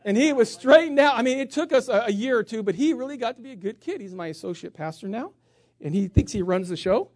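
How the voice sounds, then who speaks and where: A folksy male pastor from the country, telling stories from the pulpit with jokes along the way. His pitch swings widely as he talks. The sound is dry and close. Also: fast, no echo. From rural area. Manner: folksy, joking, animated storyteller. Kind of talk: sermon with humorous stories.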